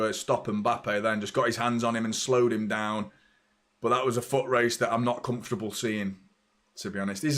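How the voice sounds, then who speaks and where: A man hosting a live football watchalong, chatting casually and reacting excitably, swearing freely. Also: medium pitch. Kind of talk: live match commentary and casual chat.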